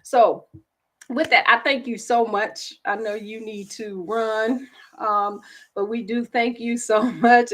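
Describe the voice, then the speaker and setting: A woman's voice: a little high, a bit bright. Chatty, laughing woman hosting a livestream. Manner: chatty, laughs often, self-teasing. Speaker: host.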